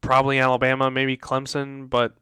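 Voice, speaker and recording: A man's voice: medium pitch, monotone, a little fast, pushed and bright, clean tone, no echo. A man hosting a casual sports talk show, ranting in exasperation and repeating himself. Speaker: host.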